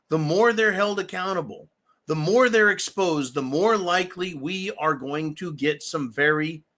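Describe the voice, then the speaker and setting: A man's voice: a little high, sharp tone. A middle-aged man hosting a show, delivering a combative, profane political rant. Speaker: host. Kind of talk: political commentary monologue.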